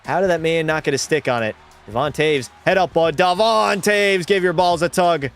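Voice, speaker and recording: Brief: young male streamer, higher-pitched voice, excitable play-by-play with swearing, music underneath. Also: moderate pace, clear, resonant tone. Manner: excitable, swears, chats with viewers. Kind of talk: live gameplay commentary.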